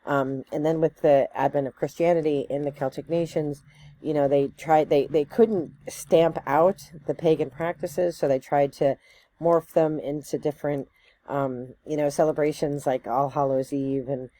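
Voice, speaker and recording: A woman's voice: low-pitched, fairly even intonation, normal speed, dark tone. A woman giving a casual educational talk to camera, conversational and loose, with many fillers, tag questions and self-corrections as she thinks aloud. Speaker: spiritual teacher.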